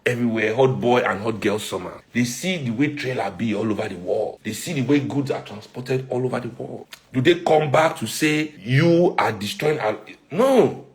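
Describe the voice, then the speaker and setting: A man with a Nigerian accent giving heated social commentary, rhetorical and emphatic. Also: mid-range voice.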